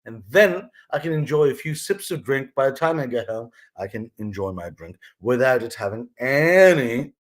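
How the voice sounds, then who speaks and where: The vlog host's mid-range voice is animated, moving at a normal pace with few pauses. He talks through one of his mother's life lessons in a loose, sincere, rambling way, frequently starting over.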